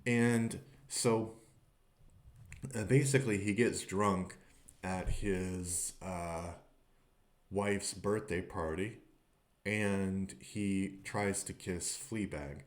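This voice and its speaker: A man's voice: low-pitched, steady tone, very slow. A man talking casually in a podcast review, rambling with many fillers and restarts. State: tearful at times.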